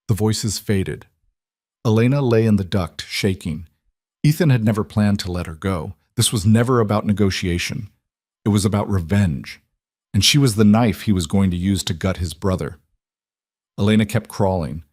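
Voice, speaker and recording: A man's voice: fairly low pitch, normal speed, darkish tone, no room sound, clean studio sound. A man narrating a crime thriller story in a tense, dramatic way. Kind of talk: scripted audiobook narration.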